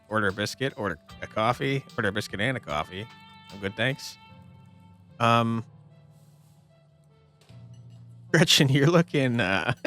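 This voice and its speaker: A man playing through a story game and chatting casually about choices and characters. He laughs often, with a lively, bouncing voice. Soft music plays behind him. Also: medium pitch. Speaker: gamer, streamer. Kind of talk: let's-play commentary.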